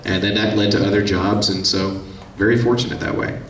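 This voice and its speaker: A lively man in his forties, talking loosely and acting out voices as he tells stories from a convention stage. His voice sits on the low side. It is picked up from across an echoey room with a faint hiss underneath. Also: brisk, far from the mic. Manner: chatty, animated, acts out quoted voices. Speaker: voice actor on a convention panel. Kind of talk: casual storytelling with audience questions.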